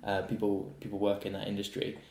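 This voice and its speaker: A man speaks in a lowish, easygoing voice, rambling through his stories with plenty of fillers and restarts. His voice rings in a roomy indoor space during a casual podcast chat. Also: completely flat delivery, a little fast, a little mellow, slight background noise. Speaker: guest, actor. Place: indoor room. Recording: roomy echo.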